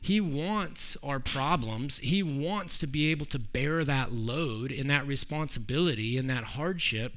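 A man's voice: mid-range voice, measured pace, few pauses, fairly bright tone, a little hiss or hum. A man preaching a sermon in a conversational way, often restarting his sentences. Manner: conversational, with frequent restarts and acted quotes.

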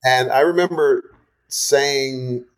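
An older man, a guest songwriter, telling stories in a chatty, animated interview style. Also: medium pitch, slow. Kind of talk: casual interview storytelling.

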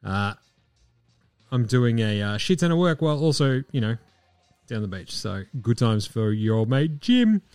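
A man's voice: medium pitch, very animated, a little slow, a little mellow, smooth, no echo. Australian man, podcast host, casual swearing banter, dry close sound, faint music behind. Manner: laid-back, swearing, jokey asides. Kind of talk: casual chat.

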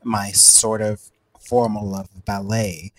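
A man's voice: fairly low pitch, flat delivery, slow pace, no room sound. A man co-hosting a casual discussion, talking in a chatty way with frequent "like" asides.

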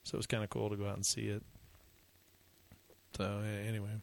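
A man's voice: lowish voice, completely flat delivery, fairly quick, creaky, no echo. A man co-hosting a podcast, chatting casually about flying and rambling with many restarts. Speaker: podcast co-host. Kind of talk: casual chat.

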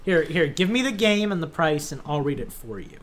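A man's voice: on the high side, big pitch swings, a little fast, slight background noise. A man playing a price-guessing game, rambling and teasing in casual banter. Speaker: contestant.

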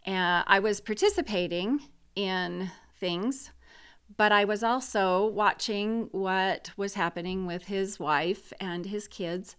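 A woman's voice: mid-range voice, slow, fairly bright tone, clean tone. A middle-aged woman talking casually and bluntly about grief and support, frank and opinionated.

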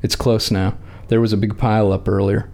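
A man doing a gruff, blunt farmer. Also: fairly low pitch, level tone, a little fast, a little mellow. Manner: blunt, folksy, plain-spoken.

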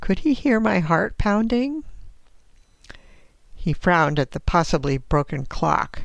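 Woman author reading her own story, first-person narration, slow, gravelly, dry close sound. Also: on the low side, big pitch swings, no room sound.

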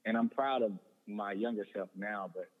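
A man's voice: lowish voice, moderate pace. A young man telling a personal story in an earnest way, often repeating words and restarting. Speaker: guest. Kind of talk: personal testimony in conversation. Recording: tinny phone-like sound with long reverb.

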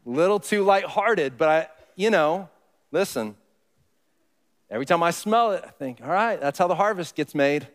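Male pastor, conversational sermon delivery, slightly high voice, reverberant sanctuary. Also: animated, moderate pace. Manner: conversational, asks the congregation questions. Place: church sanctuary. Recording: long reverb of a church hall.

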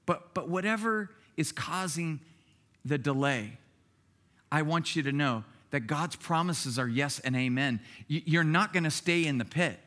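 A man with a high, bright, ringing voice preaching a sermon. He is middle-aged and talks to the congregation like a friend, then rises into excited shouts. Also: a little slow. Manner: lively, conversational preaching with bursts of shouting. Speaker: pastor.

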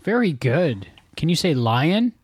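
A woman with a strikingly low voice hosts a casual home recording. She patiently encourages a toddler, repeating simple questions. The sound is dry and close. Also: very animated, a little slow, breathy edge, no room sound. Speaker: podcast host.

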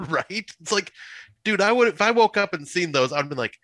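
Animated, laughing man on a podcast. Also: high-pitched, normal speed, dry recording. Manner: laughs often, jokey. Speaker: podcast guest. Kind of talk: casual movie review chat.

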